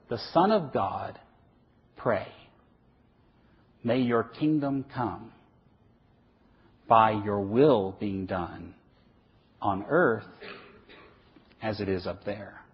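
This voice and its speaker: A middle-aged man delivers a sermon with a husky, breathy voice that rises and falls with lively emphasis. He poses questions and answers them himself. The recording sounds dull and lo-fi. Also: on the low side. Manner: animated, emphatic, asks and answers his own questions. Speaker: preacher. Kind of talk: sermon lecture.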